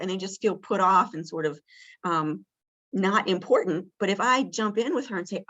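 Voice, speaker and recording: In a muffled recording, a woman with a mid-range voice speaks at normal speed while presenting an interactive training session on communicating with people with dementia. Her teaching is warm and conversational, full of fillers, and she acts out what a caregiver might say in a bright, lifted voice.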